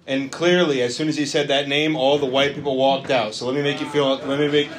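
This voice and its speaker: A man's voice: mid-range voice, steady tone, fairly quick. A man doing profane, brash crowd-work stand-up comedy on stage. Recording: live club audience. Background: crowd laughter.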